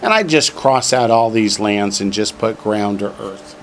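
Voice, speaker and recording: A man's voice: lowish voice, lively intonation, a little slow, a crowd in the background. A man teaching a class from a textbook, drilling vocabulary and adding dry joking asides. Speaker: Hebrew teacher. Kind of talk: classroom lesson, reading from a textbook.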